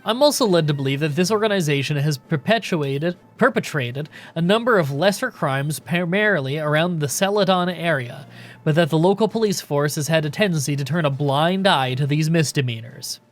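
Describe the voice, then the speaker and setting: A man's voice: a little high, fairly quick, soft background music, lightly acted. A man reading Lance, stern champion. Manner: announcer-style formal delivery. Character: commanding male regional champion, stern.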